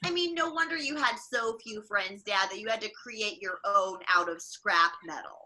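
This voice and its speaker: Through a livestream mic, a woman comedian performs stand-up as a jaded space princess and middle-aged mother, wearily griping in a sardonic tone with mock-weary asides. Her mid-range voice is sharp and moves at a moderate pace.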